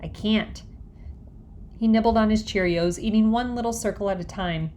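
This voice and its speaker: A woman reading a children's book aloud in a lively, expressive way. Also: mid-range voice, brisk. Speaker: audiobook reader.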